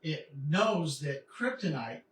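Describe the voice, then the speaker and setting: A man's voice: a little high, sing-song, takes it slowly, a bit bright. A man chatting casually as a co-host, wandering through his stories with plenty of "uh" and "you know". He sits some distance from the mic, so the room's echo carries his voice along with a faint background hum. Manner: rambling storyteller with many fillers and restarts. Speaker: podcast co-host. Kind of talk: casual chat. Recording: roomy sound from a distant mic with faint ambience.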